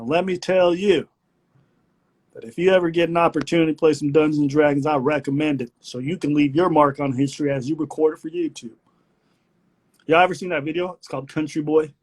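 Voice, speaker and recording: A man's voice: a little high, a little mellow, breathy edge. A man hosting a live stream, talking in a candid, rambling, joking way. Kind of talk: casual live-stream chat.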